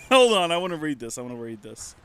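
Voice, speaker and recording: A man's voice: on the high side, sing-song, a little fast, a bit bright, clear, resonant tone. A man in his thirties chatting casually as a streamer, rambling and poking fun at himself. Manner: chatty, rambling, self-mocking. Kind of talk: casual let's-play commentary.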